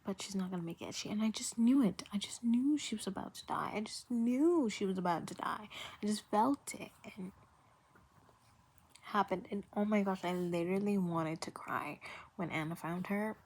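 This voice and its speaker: A woman's voice: medium pitch, moderate pace, a little mellow, slightly rough. A woman chatting casually as a vlogger reviewing a TV series, rambling and repeating phrases for emphasis. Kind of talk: casual chat.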